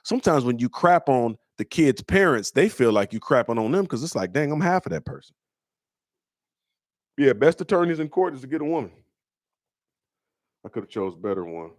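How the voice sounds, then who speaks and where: A middle-aged man from Michigan hosting a comedy call-in show. He tells stories in casual slang, acts out the people he quotes in a higher voice, and turns blunt and preachy. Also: big pitch swings, fairly quick, no echo, clean studio sound. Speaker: comedian host answering listener questions. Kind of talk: casual storytelling chat.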